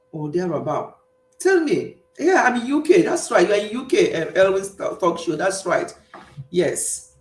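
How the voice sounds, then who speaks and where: Nigerian woman, live-stream host, chatty, laughs easily, middle pitch, roomy echo. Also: darkish tone. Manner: chatty, laughs often, reads and answers comments. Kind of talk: casual live-stream chat with viewers.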